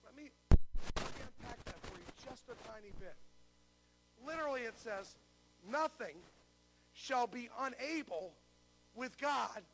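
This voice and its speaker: Very high-pitched and animated, an older pastor preaches at a measured pace, pausing often over background noise. He shares a story, then draws spoken answers from the congregation through call-and-response questions.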